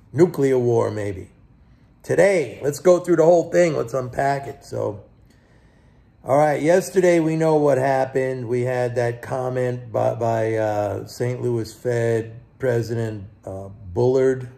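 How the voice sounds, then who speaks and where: Guy doing a casual markets rant, gravelly and kinda dark toned, gets worked up. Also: medium pitch. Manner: animated, exasperated, mocking. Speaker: host.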